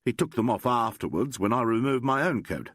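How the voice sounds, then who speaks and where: A man's voice: medium pitch, animated, brisk, a bit bright, no room sound, clean studio sound. A man voicing a proud, formal male doctor who speaks in stiff, precise sentences.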